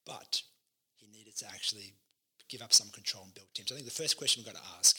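A man who is a pastor co-hosting a leadership podcast, teaching with lively acted-out quotes. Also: fairly low pitch, quick pace, breathy edge. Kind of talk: casual ministry podcast chat.

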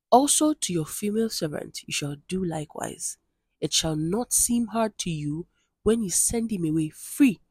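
A woman's voice: on the low side, darkish tone, slightly rough, no room sound. A woman reading Bible passages aloud and adding earnest, conversational commentary of her own. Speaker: Bible devotional reader.

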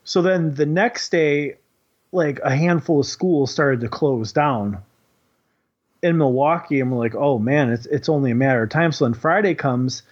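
Rambling, profane man with a slightly high voice. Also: normal speed, breathy edge. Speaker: kindergarten teacher. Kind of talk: casual storytelling chat. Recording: dull lo-fi recording.

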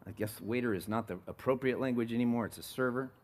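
A man's voice: medium pitch, quick pace, darkish tone. A middle-aged man from California preaching a sermon as a pastor, telling stories and asking the congregation questions.

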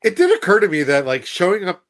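A man's voice: high-pitched, wildly swooping pitch, fast. A man guesting on a podcast, chatting casually and teasing the hosts. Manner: joking, teasing. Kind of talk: casual chat.

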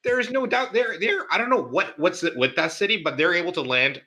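Bright, slangy young-sounding co-host. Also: male voice, sits high, animated, brisk. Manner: playful, slangy, filler-heavy. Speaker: podcast co-host. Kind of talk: casual sports podcast chat.

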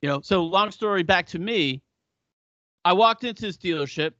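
A man's voice: high voice, normal speed, dry recording, highs cut off. A man co-hosting a podcast, telling stories in casual, profane chat and acting out the people in them. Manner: profane, animated storyteller who acts out quotes. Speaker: podcast co-host.

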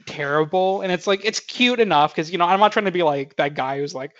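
A man's voice: high voice, fairly quick, a bit bright. A young man co-hosting a casual movie podcast, rambling with lots of fillers and laughing often. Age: young adult. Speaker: podcast co-host. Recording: muffled lo-fi audio.

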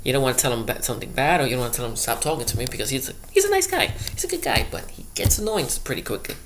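A man's voice: mid-range voice, big pitch swings, very fast, vocal fry, fairly bright tone, slight background noise. A man doing a rambling comedic monologue, full of loose asides and repeated "you know".

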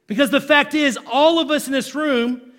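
A male pastor preaching a sermon to his congregation, animated and conversational, asking the room questions. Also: very high-pitched, moderate pace.

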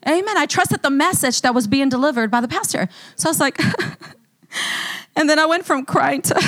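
High-voiced woman pastor, animated. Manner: animated storytelling, breaks into laughter often. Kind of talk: sermon testimony. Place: church service.

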